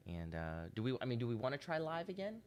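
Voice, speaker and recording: A man, a rabbi, giving a livestreamed daily Bible teaching, halting with fillers and then pressing hard on the scripture. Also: medium pitch, sing-song, slight background noise. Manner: halting with many fillers, rising to forceful emphasis on scripture. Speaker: rabbi leading a daily devotional.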